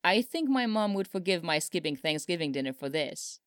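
A woman voicing an excitable young male pop singer who swears in giddy bursts, in a storybook reading. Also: on the low side, normal speed, clear, resonant tone, no echo, clean studio sound, lightly acted. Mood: honored.

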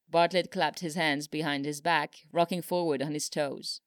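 A woman narrating a story in an even, unhurried reading. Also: low voice, no echo, studio quality.

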